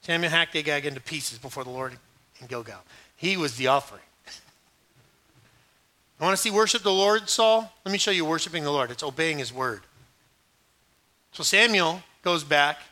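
Bright, animated preaching man. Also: on the high side, a little fast. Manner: animated preaching, acting out Bible scenes with voices. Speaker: pastor. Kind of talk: sermon.

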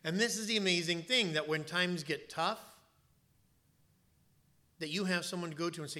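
A man's voice: fairly high pitch, normal speed, bright, forceful tone. A male pastor preaching a sermon in a church, telling stories and stressing points by repeating words.

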